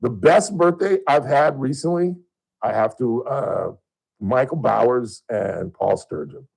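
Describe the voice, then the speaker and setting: A middle-aged man from Southern California hosting a radio show, telling stories in a casual on-air chat and getting loud and high when worked up. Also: expressive, a little slow, creaky, breathy edge, poor audio.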